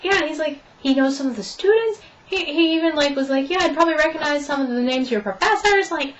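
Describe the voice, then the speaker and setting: Young woman vlogger, chatty storyteller, somewhat high voice, muffled lo-fi sound. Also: fast talker, a little hiss or hum. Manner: chatty storytelling, acting out both sides of conversations. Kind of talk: casual vlog update.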